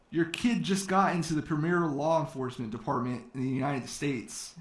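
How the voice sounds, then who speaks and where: A man's voice: a little high, fairly even intonation, moderate pace, hardly any pauses. A man telling a personal story to an audience, acting out quoted talk in his own voice, with fillers. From California. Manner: quoting others in his own voice, with many fillers. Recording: echoey hall.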